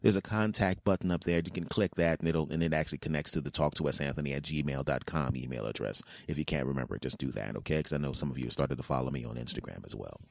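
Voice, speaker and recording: A man's voice: a bass voice, fast talker, gravelly, hardly any pauses, darkish tone, no echo. A man in his forties hosting a podcast, talking in a playful, rambling monologue full of jokey asides. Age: 40s. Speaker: podcast host. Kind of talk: casual comedic monologue.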